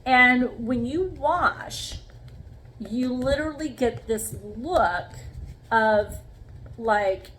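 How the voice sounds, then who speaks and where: A woman's voice: on the high side, very slow, a bit bright, slight background noise, rough recording. A woman demonstrating sponge painting in a casual craft vlog, talking viewers through each step and checking in with them often. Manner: chatty, talks viewers through each step with frequent "okay?". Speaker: craft vlogger.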